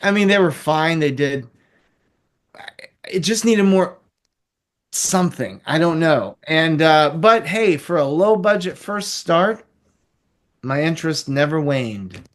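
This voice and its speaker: A man's voice: fairly high pitch, lively intonation, takes it slowly, pauses often. Rambling, chuckling male film reviewer. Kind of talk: casual chat.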